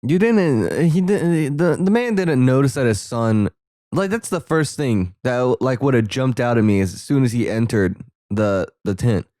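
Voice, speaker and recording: A man from the Southern United States hosting a solo movie commentary podcast, reacting excitably with sudden high exclamations. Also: a little slow, dry recording, studio quality. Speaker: podcast host.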